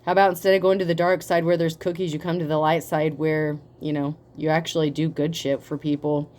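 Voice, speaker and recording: A woman giving a casual tarot reading, talking in a profane, animated way and laughing often. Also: deep voice, brisk. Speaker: tarot reader.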